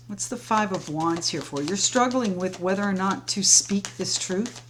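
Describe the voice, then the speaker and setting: A woman reads tarot cards aloud in a flowing, reassuring monologue and talks to her viewers as friends. Her voice sits in a middle pitch. A faint hiss runs under the home recording. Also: moderate pace. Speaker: tarot reader. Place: home, sage burning nearby.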